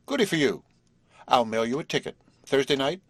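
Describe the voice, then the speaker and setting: A man's voice: medium pitch, sing-song, normal speed, no echo. A man voicing a brash, slangy young stage actress who teases and pushes. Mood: teasing. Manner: slangy, playful, pushy.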